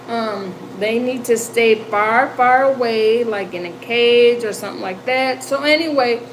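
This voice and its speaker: A woman in her fifties talks to her stream audience in a relaxed, unhurried way, her voice sitting high. She tells her story chattily and laughs as she goes, and a faint hum runs underneath. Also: low-quality recording. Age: 50s. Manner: chatty, animated, laughs often, reads chat aloud. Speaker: livestream host. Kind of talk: casual storytelling chat. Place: home.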